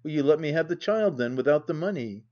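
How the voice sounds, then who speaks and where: A man's voice: on the high side, lively intonation, darkish tone, highs cut off, lightly acted. A man voicing a cold, proud wronged wife. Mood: resolute. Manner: cold, measured, dignified.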